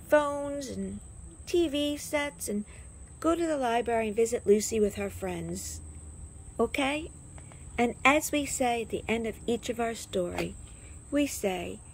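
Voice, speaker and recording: A woman reading a children's picture book aloud in a gentle storytelling way, adding chatty asides to her listeners. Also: on the high side, a little hiss or hum.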